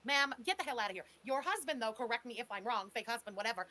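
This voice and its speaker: A woman's voice: on the high side, expressive, quick pace, bright, forceful tone. A woman giving blunt, sarcastic reaction commentary, scolding the person on a clip. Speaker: stream commentator.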